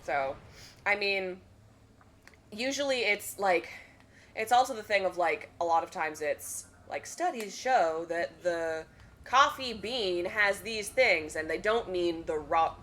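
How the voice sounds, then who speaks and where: Chatty, bright-voiced woman telling stories. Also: lowish voice, a little hiss or hum. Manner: rambling storyteller, laughs often, acts out her dogs in playful voices. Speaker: charity marathon commentator. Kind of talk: casual chat over a game stream.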